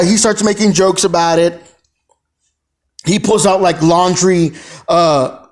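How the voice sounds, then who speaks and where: Guy telling a story, rambly, says you know a lot, pretty high voice. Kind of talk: casual retold story.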